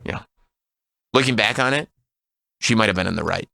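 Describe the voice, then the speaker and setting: Bright-voiced man telling a radio story. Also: fairly low pitch, moderate pace, vocal fry, no echo, studio quality. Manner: animated, laughs often, mimics voices in quotes. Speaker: radio show guest. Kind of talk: casual storytelling on radio talk show.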